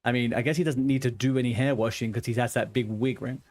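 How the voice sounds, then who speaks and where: A young man chats loosely with his audience while he plays, rambling from one joke to the next. His voice sits at an ordinary middle pitch, and he keeps the talk easygoing and playful. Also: steady tone, fast, darkish tone. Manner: joking, rambling, chatty with viewers. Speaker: game streamer. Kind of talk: casual chat while gaming.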